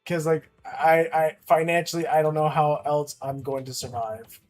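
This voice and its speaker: A man streaming a game live, chatting casually, grumbling and swearing, then cheering loudly at wins. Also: a little high, normal speed, faint music behind. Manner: swings between grumbling and excited cheering, swears often. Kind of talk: live-streamed gaming chat.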